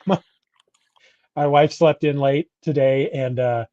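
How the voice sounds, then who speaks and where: Slowly and with fairly even intonation, a middle-aged podcast co-host chats in a rambling, self-correcting way, often beginning sentences again. His voice is mid-range, and the dull lo-fi recording has no echo.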